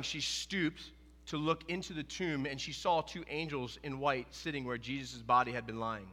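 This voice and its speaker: A man's voice: on the high side, pushed and bright, in a large hall. A middle-aged man preaching a sermon as pastor, earnest and emphatic, often repeating his phrases for weight.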